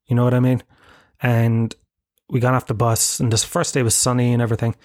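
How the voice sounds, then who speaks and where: A man in his thirties with an Irish accent talks at a mid-range pitch, spinning loose, swear-laden stories that poke fun at himself. His voice sits close and dry, with almost no room sound around it. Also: little pitch movement, a little fast, a little mellow, dry recording. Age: 30s. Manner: rambling, profane, self-mocking storytelling. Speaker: podcast host. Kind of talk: casual solo podcast chat.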